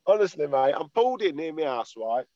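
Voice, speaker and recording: His voice on the high side, sing-song and a little fast, a former footballer rambles, laughs and swears while chatting as a podcast guest from his parked car. It comes through a video call with dull lo-fi audio, and a loud crowd can be heard.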